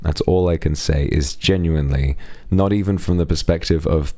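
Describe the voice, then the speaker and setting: A man with a strikingly low, gravelly voice chats with his viewers on a live stream. He thanks donors warmly and drops playful asides. The sound is dark and mellow, and it is close and dry, with no room around it. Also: normal speed, no echo. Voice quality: very deep, gravelly voice. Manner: warm, affectionate thank-yous with playful asides. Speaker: streamer reading donations. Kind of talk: casual live-stream chat.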